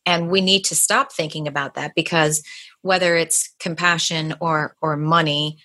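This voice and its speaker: A woman's voice: low voice, fairly even intonation, moderate pace, pushed and bright. A woman hosting a podcast interview, chatting casually and rambling through her thoughts with restarts. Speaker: podcast host.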